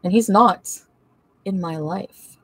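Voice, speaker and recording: A woman's voice: medium pitch, slow pace, slightly rough, no room sound. A woman livestreamer answering her chat in a heated, profane, confrontational rant.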